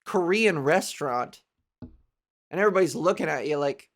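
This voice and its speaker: A woman's voice: low-pitched, animated, normal speed. Rambling, sarcastic woman comedian. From Canada. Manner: rambling, sarcastic, profane, laughs between riffs. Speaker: comedian hosting her own podcast. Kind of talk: solo comedic monologue. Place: bedroom.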